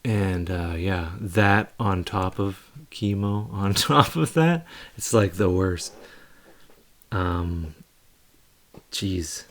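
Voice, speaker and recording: A young man chats casually on a live stream, his voice sitting low and rough with vocal fry. He wanders through his story loosely, with plenty of fillers and restarts. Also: drawn-out words, a bit bright.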